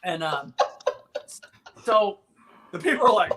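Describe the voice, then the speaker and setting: A man in his fifties hosting a podcast, telling a childhood story in an animated, profane way and slipping into voices. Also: high-pitched, a little slow, a loud crowd. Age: 50s. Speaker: podcast host. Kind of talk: casual storytelling.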